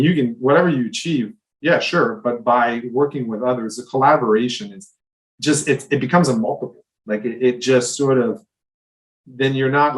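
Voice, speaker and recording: A man hosting an interview, asking long enthusiastic rambling questions. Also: medium pitch. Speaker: podcast host. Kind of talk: interview conversation. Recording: voice a bit distant from the mic.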